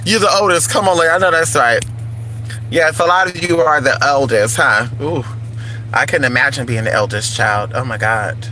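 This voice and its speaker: A man's voice: mid-range voice, moderate pace, bright, forceful tone, slight background noise, poor audio. A man vlogging in casual chat, playful and crude, calling his viewers honey and y'all.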